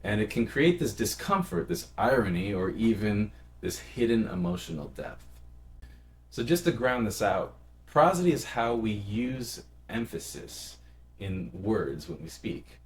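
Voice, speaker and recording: A man's voice: fairly low pitch, big pitch swings, measured pace. A man casually explaining song melody and lyric stress as a music teacher, in a friendly, conversational way. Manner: explains in a friendly, conversational way and sings short phrases.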